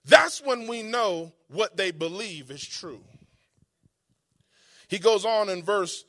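A man with a high, bright voice preaching a sermon. He talks to the congregation like a conversation, then slows right down to lean on every quoted verse. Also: expressive. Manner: emphatic, conversational preaching with dramatic pauses and slowed quotes.

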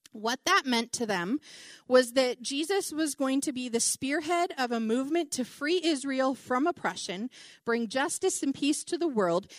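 A middle-aged woman preaching a conversational Bible teaching, animated and chatty, with many asides and "like"s. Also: high voice, dry recording, clean studio sound.

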